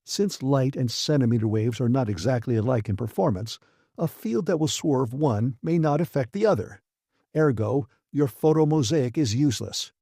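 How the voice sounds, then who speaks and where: A man's voice: medium pitch, dark tone, no echo, studio quality. A man narrating an audiobook, voicing a hot-tempered male engineer who snaps and commands. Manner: snapping, commanding, exasperated. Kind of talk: audiobook character voice.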